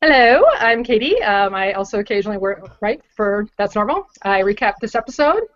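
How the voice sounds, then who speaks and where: A woman's voice: mid-range voice, expressive, brisk, dry recording. A woman writer introducing herself on a casual video call, joking at her own expense. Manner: self-deprecating, joking. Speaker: guest writer. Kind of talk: casual chat. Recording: dry, muffled call audio.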